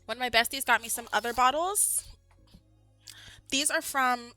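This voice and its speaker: A woman's voice: high-pitched, expressive, slow, long pauses, bright, forceful tone, no echo, faint music behind. A woman streaming live, chatting casually with viewers in a rambling, giggly way, full of "like".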